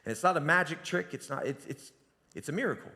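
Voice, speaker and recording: A man preaches a sermon in a church sanctuary, telling the story in a relaxed, conversational way. He often drops to a quiet, hushed voice. His voice sits a little high, and a long reverb from the hall trails behind each phrase. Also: quick pace. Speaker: pastor.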